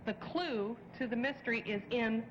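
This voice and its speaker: A woman's voice: a little high, moderate pace. A woman guest on a game show, bantering playfully and putting on a mock-formal detective voice. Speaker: celebrity guest. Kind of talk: game show banter, reading comic mysteries. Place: TV studio before an audience. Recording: lo-fi 1960s TV audio with reverb and hiss.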